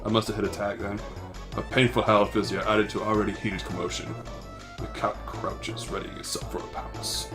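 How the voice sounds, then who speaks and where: Amateur man narrating a game, low voice, stumbles and jokes at himself, faint music underneath. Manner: halting, stumbling reading, self-mocking asides. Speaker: amateur voice actor reading a game. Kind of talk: reading game text aloud with asides.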